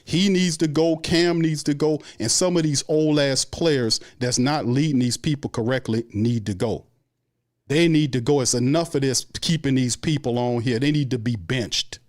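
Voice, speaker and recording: A man's voice: mid-range voice, normal speed. New guy ranting hard about his team, cussing, repeating himself, mad. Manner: angry, profane, repetitive ranting. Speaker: sports show host. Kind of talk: heated fan rant.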